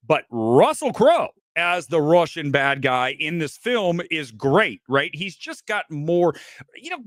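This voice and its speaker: A self-assured man hosts a live movie review, hammering his points with emphatic, rhetorical asides. His voice sits a bit higher than most men's. The sound is dry and close, with no room around it. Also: fairly bright tone, dry recording. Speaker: movie review show host.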